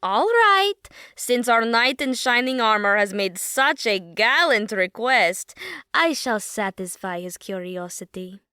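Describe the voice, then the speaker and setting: A man's voice: high-pitched, animated, slow pace, pushed and bright, smooth, no echo, clean studio sound, voice pushed up, full character voice. A man voicing Momo, a giggly catgirl woman. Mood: laughing, teasing. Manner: giggly, teasing. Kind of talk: audiobook character voicing.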